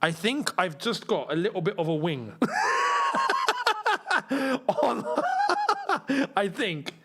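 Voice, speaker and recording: A young man hosting a live football watchalong, chatting casually and reacting loudly to chances on the pitch. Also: expressive, moderate pace, slight background noise. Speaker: football channel host. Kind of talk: live match watchalong chat.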